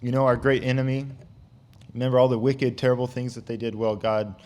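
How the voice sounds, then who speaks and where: A man's voice: mid-range voice, level tone, a little fast, a little mellow, natural voice. A man paraphrasing an angry prophet who rants bitterly to God in his sermon. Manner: bitter, self-pitying ranting. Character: resentful, angry male prophet complaining to God.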